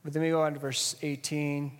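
A man's voice: fairly high pitch, flat delivery, brisk, clear, resonant tone, long reverb tail. A man preaching a sermon, emphatic and asking the audience rhetorical questions.

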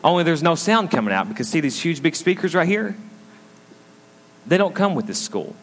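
Long hall reverb fills this recording of a pastor preaching in a school auditorium used for church. He speaks at a moderate pace in a very animated voice that sits on the high side. His sermon is conversational, built around a story and sprinkled with asides to the congregation.

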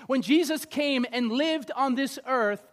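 A male pastor giving a conversational, animated sermon, acting out little scenes. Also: very high voice, measured pace.

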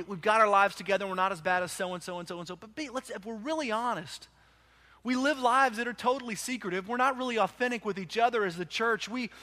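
A male pastor delivering a sermon with a high, bright voice. He preaches with passion, swelling to loud urgent peaks and then sinking into hushed, quiet stretches. His tone is forceful and clear.

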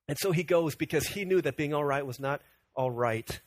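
A man preaching a sermon in a lively, conversational way, often restarting his sentences. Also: fairly high pitch, normal speed, dry recording, clean studio sound. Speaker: pastor.

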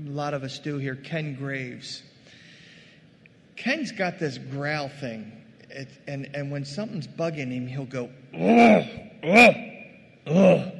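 A man preaching a sermon, animated, acting out quoted voices and rising to loud bursts. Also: a little high, big-room sound, slight background noise. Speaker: pastor.

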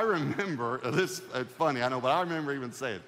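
A male preacher giving a sermon testimony as a lively storyteller who acts out his own dialogue with the Lord. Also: medium pitch, normal speed, in a large hall, a little hiss or hum.

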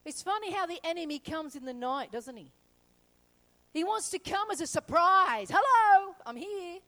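A woman pastor preaching a sermon, telling a story lively and acting out the characters. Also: very high-pitched, moderate pace, poor audio.

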